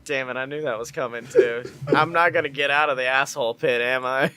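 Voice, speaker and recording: A man's voice: medium pitch, fairly even intonation, brisk, heavy background noise. A man co-hosting a podcast in casual chat, loose and profane, laughing often. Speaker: podcast co-host.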